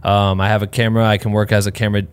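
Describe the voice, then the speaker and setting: A man's voice: fairly low pitch, flat delivery, very fast, smooth. A congested man who sounds sick, talking casually and candidly on a podcast, swearing freely and rambling with fillers.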